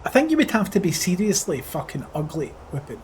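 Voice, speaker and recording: A man's voice: high voice, big pitch swings, fairly quick, slight background noise. A Scottish man chatting casually on a flight sim live stream, full of crude, profane joking banter with his chat. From Scotland.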